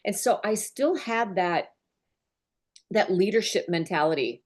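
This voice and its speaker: A woman's voice: medium pitch, lively intonation, a little slow. A woman business mentor speaking to her team on a group call, earnest and openly emotional in a conversational way. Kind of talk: heartfelt talk on a group call.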